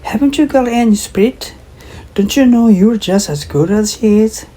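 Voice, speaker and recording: A woman reading aloud as an indignant young man, in a slightly raised voice with halting slips. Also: on the high side, mellow, slight background noise, voice pushed up, close to an everyday voice, low-quality recording. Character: young man, brash and angry.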